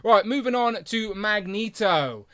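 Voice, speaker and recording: Hosting a toy review live stream, a man chats casually and enthusiastically, filling his speech with lots of fillers. His voice sits high and he speaks a little slowly, with big, animated jumps in loudness.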